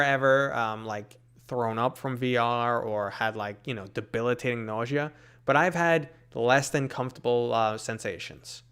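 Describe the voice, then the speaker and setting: A man's voice: mid-range voice, a bit bright, smooth. A man from New York City with a New York accent, casually answering live chat questions, full of fillers and tangents. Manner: rambling, many fillers, reads chat aloud.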